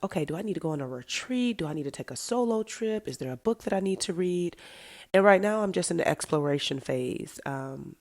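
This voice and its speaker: Reflective middle-aged woman, podcast host. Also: sits low. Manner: reflective, heartfelt, talks through her thoughts. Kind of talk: candid solo podcast monologue.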